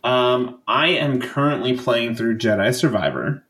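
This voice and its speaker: A man's voice: mid-range voice, unhurried, a bit bright, reverberant. A man co-hosting a podcast in casual chat, joking and swearing freely. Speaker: podcast co-host.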